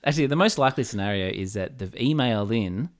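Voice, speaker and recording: A man co-hosting a casual podcast, making jokes with a dry, deadpan manner. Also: mid-range voice, fast talker. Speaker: podcast co-host.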